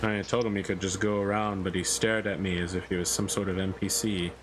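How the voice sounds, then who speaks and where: Man, deadpan gamer, low voice, dry humor, steady hiss behind. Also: a little fast. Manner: dry, deadpan, aiming for a deeper tone. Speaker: roleplay player. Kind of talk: casual gaming chat. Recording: steady background noise.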